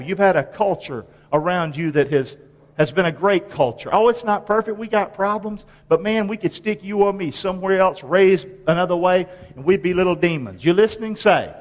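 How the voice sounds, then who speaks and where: In a church sanctuary, a high-pitched pastor preaches at a moderate pace in a folksy style. He uses call-and-response, asking the congregation to answer and repeat after him, and the sound carries a long reverb tail.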